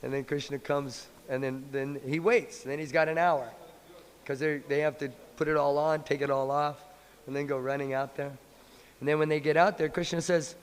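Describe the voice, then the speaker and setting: A man giving a sermon in a temple hall, telling a story in a playful, animated way. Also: a little high, normal speed. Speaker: monk lecturer.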